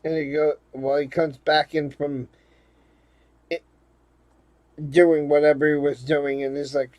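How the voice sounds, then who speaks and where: A man's voice: a little high, little pitch movement, unhurried, long pauses, a little mellow, dry recording. A man from Rhode Island telling a rambling, profane story in a casual monologue to his viewers. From Rhode Island, USA. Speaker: vlogger.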